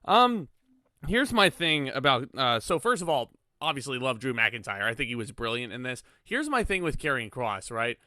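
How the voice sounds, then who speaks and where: A man's voice: medium pitch, very animated, moderate pace, pushed and bright, no echo, studio quality. A man hosting a casual wrestling review podcast, talking enthusiastically with frequent ums and fillers. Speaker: podcast host.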